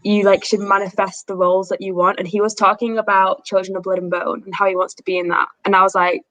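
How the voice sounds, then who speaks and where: A woman's voice: medium pitch, level tone, fast, fairly bright tone, no room sound, poor audio. A woman in her twenties hosting a casual livestream, chatting and reading out comments from the chat. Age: 20s. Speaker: host.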